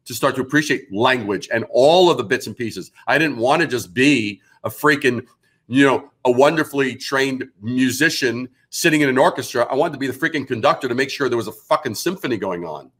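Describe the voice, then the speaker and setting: A man in his sixties speaks as an interview guest in a forceful, bright voice. He is emphatic and blunt, swearing freely to drive his points home. His pitch sits in the middle range for a man. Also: expressive, brisk, husky. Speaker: guest, branding expert. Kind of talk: casual interview.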